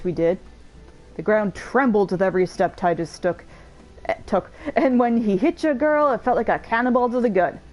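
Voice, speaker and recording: A woman reading a game character's lines, voicing a boastful, grumpy old male axeman hero with a gruff, swaggering voice pitched a bit lower than her own. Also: darkish tone, lightly acted.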